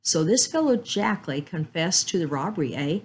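A woman reading aloud and voicing an older, quick-tempered mansion owner who talks in a snappish, demanding way. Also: lowish voice, big pitch swings, a little hiss or hum. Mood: eager.

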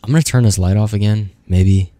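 Low-voiced young man gaming. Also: fairly quick, dark tone, no room sound. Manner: rambling, profane, talks back at the screen. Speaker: gaming YouTuber. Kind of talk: casual gameplay commentary.

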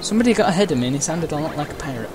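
Racing along in speech as well as on screen, a man with a highish voice and lively intonation gives casual let's-play commentary. It's full of uhs, side stories and playful exclamations, over game music and sound effects.

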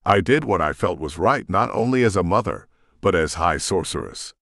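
A haughty middle-aged sorceress, cold and unyielding, delivered low with a lively lilt by a male narrator. The audiobook recording is close and dry. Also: normal speed, gravelly, dry recording, full character voice.

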